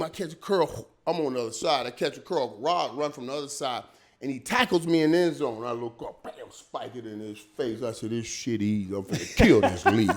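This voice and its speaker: With a medium-pitched voice, a middle-aged man who played pro football recounts stories as an interview guest. He keeps it casual and animated, repeating words and throwing in "man" and "dog" often.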